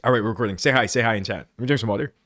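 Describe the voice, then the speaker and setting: A man's voice: lowish voice, rapid-fire, dry recording, studio quality. A young man hosting a live stream, chatting and ranting in a loose, rambling way with frequent laughs. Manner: animated, laughs often, rambling asides. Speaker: streamer host. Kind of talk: casual live-stream commentary. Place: room indoors, siren outside at times.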